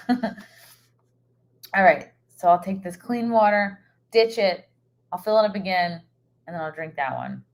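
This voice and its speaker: A woman's voice: mid-range voice, slow, long pauses. A woman comedian chatting casually on a live stream in a hotel room, rambling and scatterbrained with plenty of fillers. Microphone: microphone set up for streaming.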